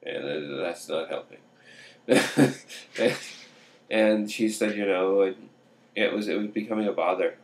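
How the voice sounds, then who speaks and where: A man's voice: low voice, slow pace, pauses often. A man telling a true story aloud, acting out dialogue with chuckling asides.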